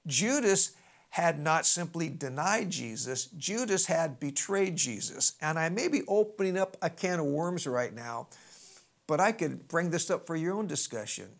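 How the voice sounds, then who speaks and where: Animated conversational preacher. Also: a little slow, gravelly. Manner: animated storytelling with sidebars and big pitch swings; conversational, folksy asides. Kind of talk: sermon.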